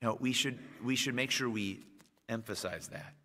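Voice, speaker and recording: A man delivering a sermon, pausing on slowed, stressed phrases and climbing into emphatic bursts. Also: medium pitch, bright, forceful tone. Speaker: preacher. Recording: long reverb of a church hall.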